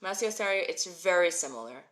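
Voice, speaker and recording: A woman's voice: fairly low pitch, lively intonation, fairly quick, fairly bright tone, a little hiss or hum. A woman in her thirties teaching a live Hebrew reading class, chatting with viewers and answering them by name. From moved to Israel as an adult. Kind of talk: live-stream lesson, reading viewer comments.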